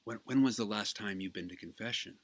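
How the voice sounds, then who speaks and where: A man's voice: on the low side, a little fast, lightly acted. A man voicing a solemn priest hearing a confession in a joke. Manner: grave, repeating himself.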